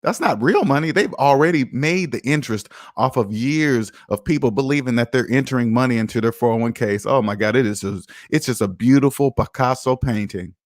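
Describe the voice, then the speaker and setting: This finance livestream host has a medium-pitched voice and a brisk delivery with hardly any pauses. He lectures viewers emphatically and preachily in a casual way, reading their comments aloud as he goes.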